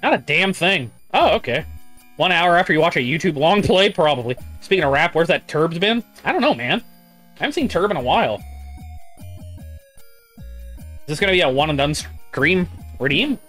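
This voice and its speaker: A man's voice: fairly high pitch, lively intonation, normal speed, pauses often, a bit bright, soft background music. A man live-streaming a game, chatting casually, reading chat aloud and swearing often. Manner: profane, rambling, reads chat aloud.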